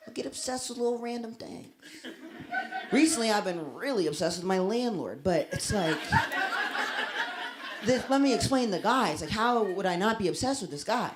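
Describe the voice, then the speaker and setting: A woman's voice: medium pitch, animated, moderate pace, far from the mic, background noise. A woman doing stand-up comedy, chatting and riffing with the audience in a comedy club. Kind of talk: stand-up with crowd work. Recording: roomy club with audience laughter. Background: audience laughing.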